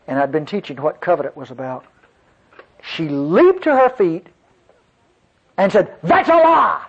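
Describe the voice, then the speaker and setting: Pastor guy preaching, highish husky voice, dull lo-fi church tape. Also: unhurried. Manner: folksy, animated preacher addressing congregation. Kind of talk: sermon storytelling. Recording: dull lo-fi sermon recording.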